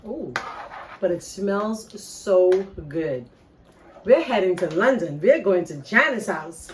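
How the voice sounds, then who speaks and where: A woman's voice: mid-range voice, very animated, slow, far from the mic, a little hiss or hum, poor audio. A middle-aged woman with a Bahamian accent, hosting a casual cooking video and chatting straight to her viewers. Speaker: cooking show host. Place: home kitchen. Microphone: phone camera.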